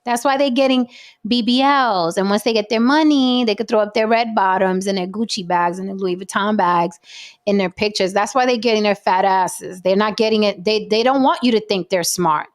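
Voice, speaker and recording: A woman's voice: mid-range voice, normal speed. A woman hosting a casual panel talk show, making her points with emphatic repetition. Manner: emphatic, repeats points for effect. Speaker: podcast host.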